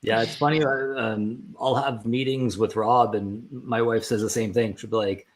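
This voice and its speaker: A man's voice: medium pitch, steady tone, moderate pace. A man, a team member chatting casually on a livestream, friendly and rambling with frequent restarts.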